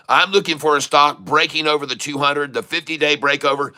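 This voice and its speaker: A man's voice: fairly high pitch, fairly even intonation, brisk, bright, forceful tone. A man live-streaming day-trading commentary, joking with chat and laughing often, then repeating urgent warnings to viewers. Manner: jokey, laughs often while reading chat.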